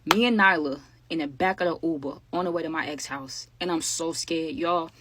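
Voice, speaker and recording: Animated young woman telling a story. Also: low voice, a little fast, noisy background. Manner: animated, slangy, addresses viewers as "y'all". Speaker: storytime creator. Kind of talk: casual storytime vlog.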